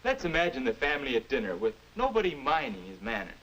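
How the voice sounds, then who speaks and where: Brief: an earnest 1950s film instructor, bright voice, lively pitch, moralizing. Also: male voice, fast, a little hiss or hum, low-quality recording. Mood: lecturing. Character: prim adult man lecturing a teen on manners. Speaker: educational film narrator playing the grown-up future self. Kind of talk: 1950s educational film acting.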